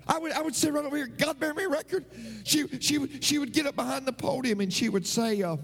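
A man's voice: very high-pitched, fast, gravelly, fairly bright tone. A man preaching a sermon as a pastor, emphatic and repetitive, his voice swooping up and down. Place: church. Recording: long reverb of a church hall.

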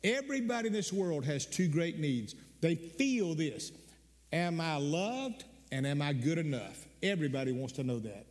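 A man's voice: on the high side, very animated, moderate pace, a little mellow. An older man preaching a sermon as a pastor, telling stories earnestly, repeating words and rising into sudden emphatic bursts. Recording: long hall reverb.

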